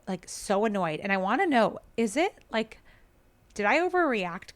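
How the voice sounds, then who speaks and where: A woman in her thirties hosting a podcast, telling a family story in a chatty, exasperated way, full of "like.". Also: mid-range voice. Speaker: podcast host. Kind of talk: casual storytelling.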